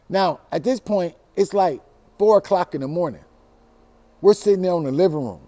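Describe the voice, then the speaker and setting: A man from Los Angeles hosting a storytelling show, telling a personal story in a casual, profane way that swings from hushed to loud. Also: high-pitched, moderate pace. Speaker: storytelling host.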